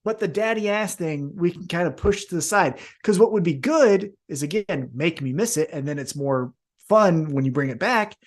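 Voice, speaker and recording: Animated, swearing male podcast co-host. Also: a little high, normal speed. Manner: animated, swearing, acts out wrestlers in jumpy voices. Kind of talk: casual podcast chat.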